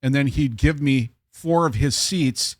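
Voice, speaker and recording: A man's voice: medium pitch, measured pace, dry recording, clean studio sound. A man co-hosting a podcast, telling a bartending story casually and acting out the voices of the people in it. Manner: animated, acts out quoted voices.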